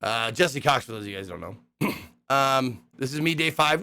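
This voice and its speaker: A young man casually recapping a hosting gig, rambling and profane, acting out the people he quotes in excited voices. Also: medium pitch, moderate pace, vocal fry, clear, resonant tone.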